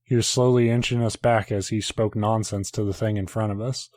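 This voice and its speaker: A man's voice: fairly low pitch, fairly even intonation, brisk, darkish tone, dry recording. A man, a podcast host, reading a horror story aloud in a casual way, now and then breaking off to joke and swear.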